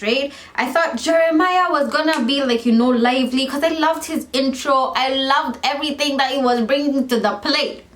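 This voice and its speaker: A young woman vlogger chatting casually about a reality show, animated and rambling, often correcting herself. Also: fairly high pitch, echoey room. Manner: animated, rambling, self-correcting, lots of fillers.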